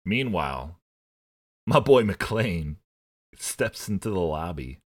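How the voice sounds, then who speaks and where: A man with a low voice hosts a casual movie-recap chat. He talks slowly and lets his pitch swing a lot as he tells the story, swearing freely and acting out the characters. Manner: animated storyteller who swears and acts out characters. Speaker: podcast host.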